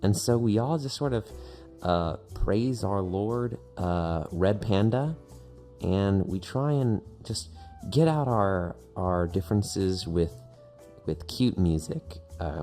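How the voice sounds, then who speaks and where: Guy doing a deep-voiced metal fan weeb dude, rambly, swears a lot, faint music behind. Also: expressive, takes it slowly, warm tone, heavily acted. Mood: rambling. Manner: rambling, sloppy, swears casually. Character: laid-back male metal fan, weeb.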